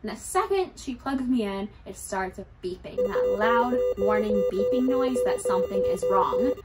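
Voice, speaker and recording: A woman's voice: on the high side, big pitch swings, moderate pace, over music. A young adult woman candidly telling a personal story to her vlog viewers, conversational and lightly humorous. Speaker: YouTuber.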